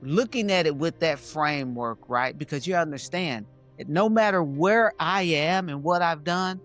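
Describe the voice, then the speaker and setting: A man's voice: fairly high pitch, normal speed, a bit bright, faint music behind. A man hosting a podcast, responding earnestly in a loose, rambling way. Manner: earnest, rambling, with many fillers and restarts. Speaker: podcast host. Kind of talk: casual conversational reflection.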